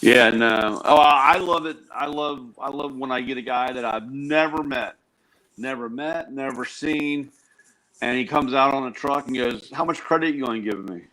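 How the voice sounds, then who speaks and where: Man, mid-pitched voice, tool dealer, joking storyteller, casual chat. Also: unhurried, pushed and bright, low-quality recording. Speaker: tool truck dealer, guest. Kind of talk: casual chat on a live show.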